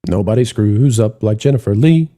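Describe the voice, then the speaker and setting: A man hosting a casual live stream, blunt and excitable, plugging upcoming events. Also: lowish voice, moderate pace, very noisy. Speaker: host.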